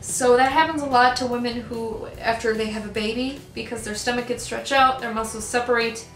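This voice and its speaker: A fairly high-voiced young woman talks through a personal story for her vlog, full of ums and restarts, her voice catching with emotion. The room around her is echoey, and soft music plays faintly underneath. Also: fairly even intonation, fairly quick. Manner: emotional, gets choked up; rambling with many ums. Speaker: vlogger.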